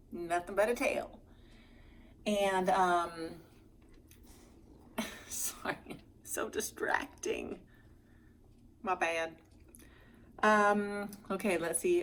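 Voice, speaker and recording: Woman, middle-aged, casual home vlog, upbeat, chatty, lower voice, faint background hiss. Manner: chatty, upbeat, cooing baby talk to a cat. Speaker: vlogger sharing her health journey. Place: home, indoors.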